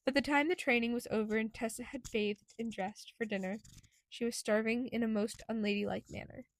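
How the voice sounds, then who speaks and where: A woman reads an audiobook in a steady, clear voice. Her pitch sits slightly high. The recording is close and dry, with no room echo. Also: fairly quick. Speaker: audiobook narrator. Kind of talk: audiobook narration.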